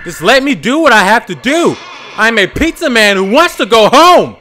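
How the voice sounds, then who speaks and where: Frantic, swearing man with a lively pitch. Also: moderate pace, faint music behind. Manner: swearing, frantic muttering and outbursts. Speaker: gaming YouTuber. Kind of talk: horror game let's play commentary.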